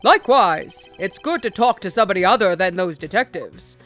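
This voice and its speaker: A woman's voice: medium pitch, lively intonation, fairly quick, fairly bright tone, soft background music, lightly acted. A woman voicing an eager young male assistant in a video game, talking in an upbeat, chatty way. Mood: friendly.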